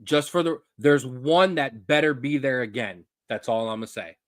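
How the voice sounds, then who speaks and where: A man's voice: medium pitch, moderate pace, no room sound, clean studio sound. A man co-hosting a casual sports chat show, talking in a fired-up, ranting way. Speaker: co-host.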